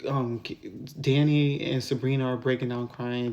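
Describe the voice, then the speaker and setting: A man talks through a TV episode recap in a loose, rambling way, full of "basically" and "um". His voice sits at an ordinary middle pitch. He gets worked up and louder when something annoys him. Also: fairly quick. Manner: rambling, filler-heavy, animated when venting. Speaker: TV episode reviewer. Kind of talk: casual recap and review.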